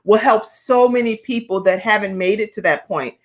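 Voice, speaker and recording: A woman's voice: medium pitch, normal speed. A woman hosting an online talk show, chatty and encouraging, often breaking into laughter.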